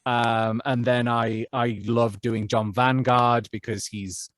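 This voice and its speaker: A man's voice: mid-range voice, flat delivery, takes it slowly, fairly bright tone. A man who narrates audiobooks, chatting casually as an interview guest, with lots of fillers and restarts. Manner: chatty, self-deprecating, many fillers and restarts.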